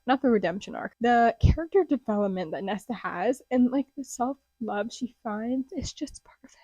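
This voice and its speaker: A young woman chatting casually about books she read, gushing and dropping into excited whispers. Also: mid-range voice, no room sound. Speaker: booktuber. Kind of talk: casual book review vlog. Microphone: close desk mic.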